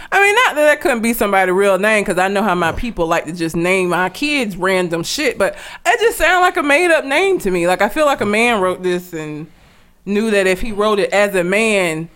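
A woman's voice: medium pitch, fairly bright tone. A young woman chatting casually on a podcast, ranting and laughing, swearing freely. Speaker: podcast co-host. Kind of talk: casual chat.

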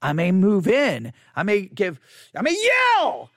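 This podcaster, very animated yet unhurried, speaks alone into a close studio mic about listener statistics. The mid-range voice breaks into incredulous asides and many restarts, captured dry.

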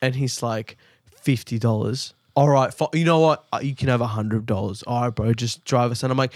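A man's voice: mid-range voice, steady tone, moderate pace, no room sound, studio quality. A young man telling a long, profane story in casual chat, laughing often and repeating himself. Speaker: podcast co-host.

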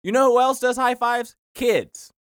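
A man's voice: very high voice, measured pace, smooth, dry recording, studio quality. A young man co-hosting a casual comedy podcast, ranting and mimicking people in exaggerated voices. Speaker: podcast co-host.

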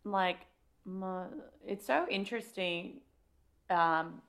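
A woman's voice: lowish voice, takes it slowly, a bit bright. An Australian woman co-hosting a podcast, talking frankly and with feeling, swearing freely in casual chat. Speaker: podcast co-host.

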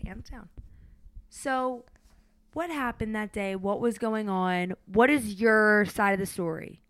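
Mom interviewer, eager and chatty, keeps nudging with "right?", dry close sound. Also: female voice, medium pitch, slow pace, fairly bright tone, no room sound. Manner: eager, prompting with "right?" questions; acts out voices while retelling. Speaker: parent interviewing her son. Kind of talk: casual storytelling chat.

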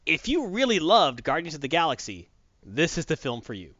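A man casually recapping a movie plot as a reviewer, telling it with animated storytelling. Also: on the high side, brisk, no echo. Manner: animated storytelling with acted quotes. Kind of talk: casual chat. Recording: dull lo-fi dry recording.

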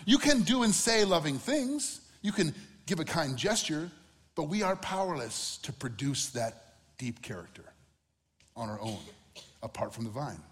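A middle-aged man delivers a sermon in a casual, conversational tone, slipping into funny acted-out quotes. His voice sits slightly high for a man. The sound rings with a long reverb, as in a church hall. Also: big pitch swings, moderate pace, fairly bright tone. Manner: conversational, acts out quotes with humor. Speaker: pastor.

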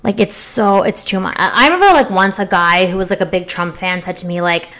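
A woman's voice: on the low side, a little fast, hardly any pauses, a bit bright. Chatty young woman, frank and joking. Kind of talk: casual crude chat.

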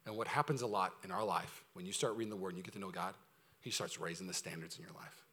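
A man preaching a sermon as pastor, energetic, swinging from loud urgent preaching to quiet, close asides. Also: low-pitched, fast talker, slightly rough.

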